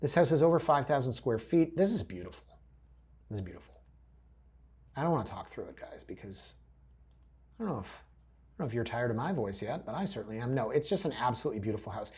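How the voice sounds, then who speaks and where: A man with a husky, slightly breathy voice talks viewers through house listings in a loose, chatty way. He keeps dropping wry, joking asides as he goes. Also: medium pitch, lively intonation, fast talker, long pauses, a little mellow. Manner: chatty, addresses viewers directly. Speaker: real estate agent host. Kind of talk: casual commentary over listing photos.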